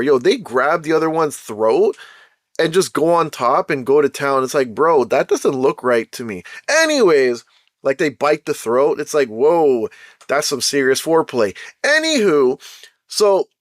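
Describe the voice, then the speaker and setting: Animated slangy man telling a story. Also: fairly high pitch, dry recording, studio quality. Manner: slangy and animated, keeps saying "bro" and "right?". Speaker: podcast host telling a personal story. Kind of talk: casual storytelling monologue.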